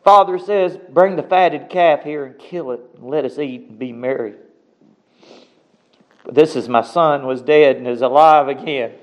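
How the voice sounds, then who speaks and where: A man preaching a sermon, reading scripture aloud and commenting on it, with dramatic swings between loud exclamations and hushed asides. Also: on the high side, unhurried, low-quality recording.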